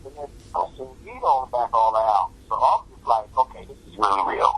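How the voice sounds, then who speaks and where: A man's voice: mid-range voice, sing-song, fast talker, few pauses, fairly bright tone, husky, poor audio. A middle-aged man, a music producer being interviewed, telling a long, rambling story in casual slang, full of fillers and quoted voices.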